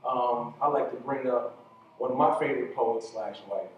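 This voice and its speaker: A man opens an event as host, talking in a loose, unhurried way with plenty of fillers. He sounds far from the mic, and the big room rings around his voice. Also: mid-range voice, slight background noise. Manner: relaxed, filler-heavy speech. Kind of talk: casual event introduction. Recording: echoey hall, mic heard from far.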